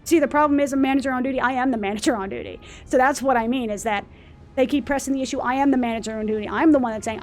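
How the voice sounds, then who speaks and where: Exasperated ranting woman, slightly high voice. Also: soft background music. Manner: exasperated ranting, quick to swear, acts out customers. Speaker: let's play host. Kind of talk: ranting casual chat over gameplay.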